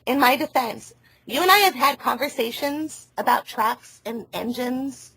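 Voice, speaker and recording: A high-pitched woman with a husky, breathy voice rambles over a phone call. She keeps losing her thread and laughing, and the sound is dry and close with no room around it. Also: a little slow, a bit bright, no echo. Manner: rambling, laughs often, loses her train of thought. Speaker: caller.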